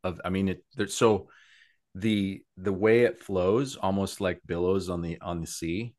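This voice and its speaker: A man co-hosting a podcast from home over an online call, playful and quick to laugh. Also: deep voice, steady tone, darkish tone. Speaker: podcast co-host. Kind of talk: casual chat.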